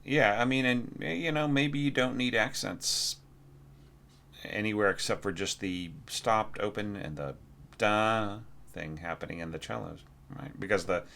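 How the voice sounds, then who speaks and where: A very low-voiced man talking through a piece of music in an easygoing, thinking-aloud way. He gives feedback like a teacher and breaks into sung "da da" phrases to show a line. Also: vocal fry, bright, forceful tone. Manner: thinking aloud, sings melodies on nonsense syllables. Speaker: orchestration teacher. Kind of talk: casual spoken score evaluation.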